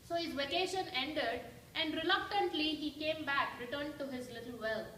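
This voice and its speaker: A bright, forceful, high-pitched woman's voice at a moderate pace carries through an echoey church hall, picked up from far off with slight background noise. She is a guest speaker giving a devotional talk, telling a story and asking her audience questions.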